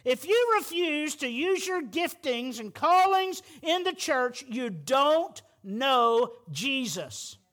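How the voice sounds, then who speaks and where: A man preaching a sermon as pastor, fervent and rising to loud, emphatic peaks. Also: very high voice, sing-song, takes it slowly, few pauses.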